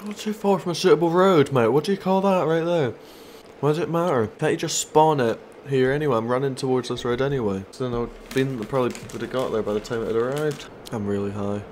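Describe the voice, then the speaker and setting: A man's voice: mid-range voice, fast, a little mellow, slight background noise. A man giving casual, sweary gameplay commentary, taunting and mocking other players. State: stoned. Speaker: gaming YouTuber.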